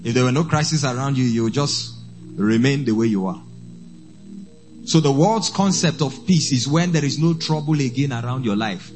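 A man, a priest preaching a sermon, who slows down and repeats phrases for emphasis. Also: mid-range voice, darkish tone, faint music behind.

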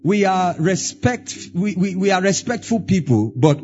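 A man's voice: high voice, animated, measured pace, darkish tone, highs cut off, faint music behind. A Nigerian man with a Nigerian accent preaching a sermon as pastor, stressing words in a rising, sing-song way.

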